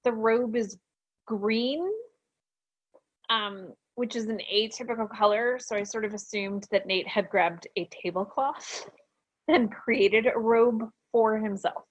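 A woman's voice: a little high, slow, husky, no room sound, lo-fi sound. A woman co-hosting a podcast, chatting casually with wry, amused asides. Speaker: podcast co-host. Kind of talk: casual chat.

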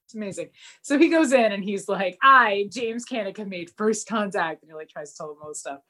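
A young woman co-hosting a podcast, casually recapping a TV episode and acting out the characters' lines. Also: brisk. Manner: animated, acts out characters' lines with big pitch jumps. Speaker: podcast co-host.

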